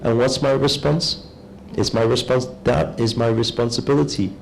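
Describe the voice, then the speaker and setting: A man giving a calm, measured spiritual talk, speaking slowly and deliberately as a teacher. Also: medium pitch, gravelly, slight background noise, rough recording.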